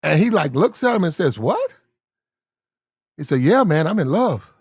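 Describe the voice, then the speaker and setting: Male storyteller with a high voice and a dry, close sound; casual and animated, acts out the people in his story. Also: a little fast, no echo. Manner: animated, acts out the characters in the story, clears throat often.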